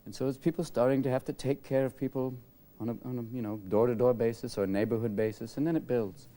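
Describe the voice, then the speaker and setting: A man on a TV talk show telling comic stories and switching rapidly into put-on voices, with studio audience laughter around him. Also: mid-range voice, steady tone, mellow, slight background noise. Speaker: talk show guest, comedian.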